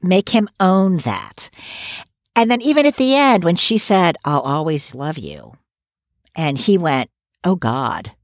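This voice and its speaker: A woman's voice: deep voice, big pitch swings, unhurried, no room sound, studio quality. A woman co-hosting a podcast recap, talking in an opinionated, casual way and laughing between points. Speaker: podcast co-host.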